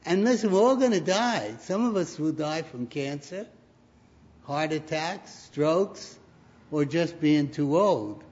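A male preacher delivers a sermon at an unhurried, measured pace, building to emphatic points. His voice sits a little high for a man. The recording is dull and lo-fi. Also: expressive, a little mellow. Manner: storytelling, rising to emphatic peaks.

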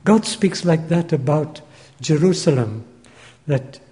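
A man preaching a Bible teaching sermon, measured and deliberate, repeating key phrases for emphasis, recorded in a large church hall. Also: on the high side, animated, warm tone. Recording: long hall reverb.

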